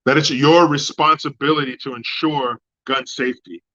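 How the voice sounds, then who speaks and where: Profane, ranting male streamer, bright voice. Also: steady tone, moderate pace, dull audio. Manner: profane, mocking, swings between loud outbursts and low mutters. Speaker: livestream host. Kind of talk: ranting commentary, reading chat.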